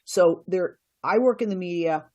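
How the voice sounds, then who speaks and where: A woman's voice: fairly low pitch, moderate pace, a little mellow. A middle-aged woman, a radio host and commentator, giving earnest answers in a podcast interview, often restarting her sentences.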